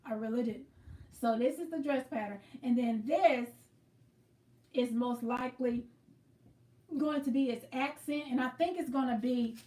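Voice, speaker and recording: A woman's voice: fairly high pitch, a little mellow, roomy sound, recorded from a distance. A woman hosting a casual livestream, chatting and greeting viewers by name as she explains her quilting. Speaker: livestream host.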